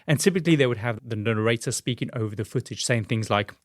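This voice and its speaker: Man, podcast host, animated storyteller, mid pitch, dry close sound. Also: quick pace, dry recording. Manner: animated, chatty, frequent fillers. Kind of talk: casual storytelling chat.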